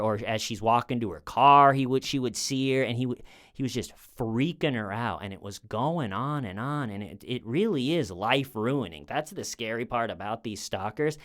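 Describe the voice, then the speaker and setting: At home, a comedian in his thirties tells a true-crime story in a loose, rambling way, often beginning sentences again and playing out the people he quotes. His mid-range voice is a bit bright and moves at a normal speed.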